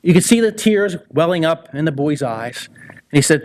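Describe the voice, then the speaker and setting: Male ceremony speaker, dramatic storyteller, slightly high voice. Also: lively intonation. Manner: dramatic, pausing storyteller with swings in pitch. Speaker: son introducing a hall of fame inductee. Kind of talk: storytelling speech at an induction ceremony. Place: ceremony hall.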